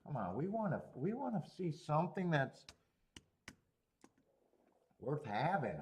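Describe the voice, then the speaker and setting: A man hosting a horse racing betting livestream, chatting casually in an animated way, swearing, laughing and rambling with restarts. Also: fairly high pitch, a little slow, slight background noise.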